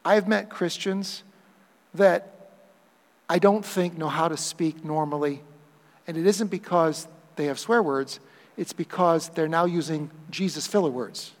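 A man preaching a sermon as pastor, animated and playful, acting out quoted voices for humor. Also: on the high side, a little slow, long reverb tail.

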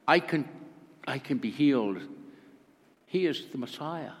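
A man's voice: medium pitch, expressive, a little slow. Guy doing a desperate sick woman begging the lord, echoey hall. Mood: pleading. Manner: pleading, earnest. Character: middle-aged woman, sick for years, desperate. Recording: long hall reverb.

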